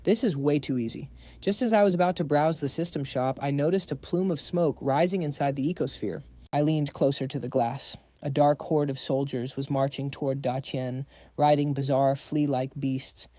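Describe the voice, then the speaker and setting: A man's voice: mid-range voice, fairly even intonation, moderate pace, mellow, no echo. A man narrating a story recap in a dramatic, breathless storytelling manner.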